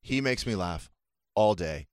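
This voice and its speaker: A middle-aged man hosting a casual podcast chat, telling animated stories and imitating other people. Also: deep voice, unhurried, no echo, studio quality. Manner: animated storytelling, mimics others. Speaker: podcast host.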